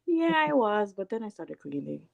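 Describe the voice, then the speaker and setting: A woman's voice: medium pitch, big pitch swings, normal speed, creaky, lo-fi sound. A woman co-hosting a casual chat, playful and teasing.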